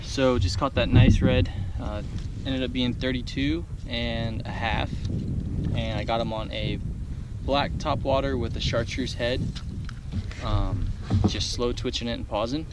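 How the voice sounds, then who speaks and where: A man's voice: mid-range voice, fairly even intonation, measured pace. A man vlogging from a kayak, pleading and cheering while fighting a fish. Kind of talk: excited outdoor vlog commentary. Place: kayak out on open water. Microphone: action camera on a hat. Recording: loud wind and water noise outdoors.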